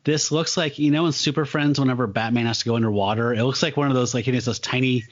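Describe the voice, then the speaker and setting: A man's voice: mid-range voice, fairly even intonation, quick pace, dull audio. Enthusiastic man recapping a comic. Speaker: comic book podcast co-host. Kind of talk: casual chat.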